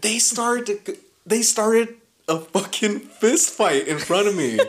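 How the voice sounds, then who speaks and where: A man's voice: high voice, slow pace. A young man telling a wild story on a podcast, swearing freely and laughing as he goes. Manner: profane, animated, laughing through the story. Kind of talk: casual storytelling chat.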